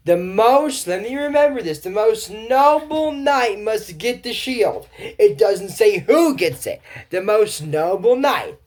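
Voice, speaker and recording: A man giving a casual, rambling recap of a cartoon episode, full of fillers, asides and incredulous reactions. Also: sits high. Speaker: cartoon reviewer.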